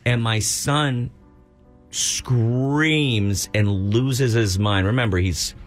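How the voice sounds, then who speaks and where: Man co-host telling a lively story. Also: mid-range voice, drawn-out words, soft background music. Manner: animated storyteller, acts out quoted voices. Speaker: radio show co-host. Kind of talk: casual storytelling chat.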